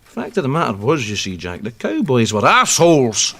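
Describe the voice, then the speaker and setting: An actor playing a sarcastic, exasperated older Scottish pensioner who reads war books. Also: male voice, mid-range voice, huge pitch swings, brisk, noisy background.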